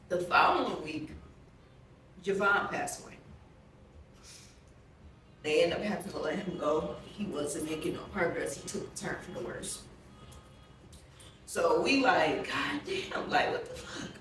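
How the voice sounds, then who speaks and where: A woman's voice: lowish voice, slow, pauses often, a little hiss or hum. A woman being interviewed for a documentary, telling a personal story in a blunt, profane, rambling way with many fillers. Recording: very echoey room, distant mic, soft music underneath.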